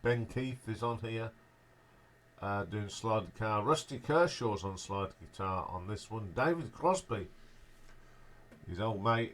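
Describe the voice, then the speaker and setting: A man with a fairly low voice talks through albums track by track in a relaxed, offhand way. His remarks tend to trail off softly at the end. A faint hiss of noise sits under the recording. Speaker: music reviewer, show host. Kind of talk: casual spoken album ranking.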